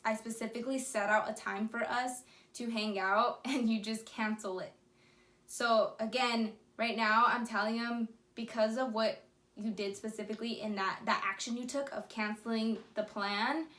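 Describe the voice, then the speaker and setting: A woman vlogger talks her viewers through relationship advice, laying it out step by step and acting out sample phrases along the way. Her voice sits on the higher side. The room around her rings with noticeable echo. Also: fairly bright tone. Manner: explains step by step, acts out example phrases. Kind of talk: casual advice talk to camera. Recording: echoey room.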